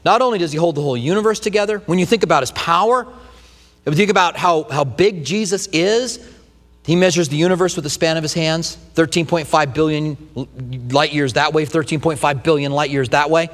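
A man in his fifties delivers a sermon in a high voice. He moves between homey, joking stories and slow, stressed lines of scripture. His voice rings with the long reverb of a church hall. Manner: folksy, animated preaching with humor and slow emphatic stresses. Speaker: pastor.

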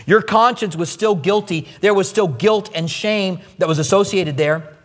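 A male pastor preaching a sermon to a congregation, emphatic, swinging his pitch and pace and repeating phrases for emphasis. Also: normal speed. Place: church sanctuary before a congregation. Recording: sermon with long hall reverb.

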